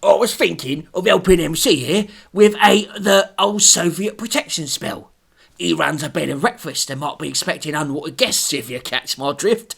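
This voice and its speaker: A man doing a loud, chummy London landlord. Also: on the high side, moderate pace, gravelly, breathy edge, heavily acted. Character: brash male London pub landlord, eager to help.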